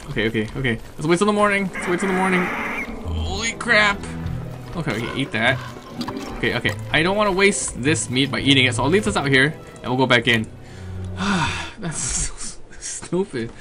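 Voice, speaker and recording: A man doing let's play commentary, excitable and swearing at enemies, then thinking aloud about his plans. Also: mid-range voice, normal speed, music in the background. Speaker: gaming commentator.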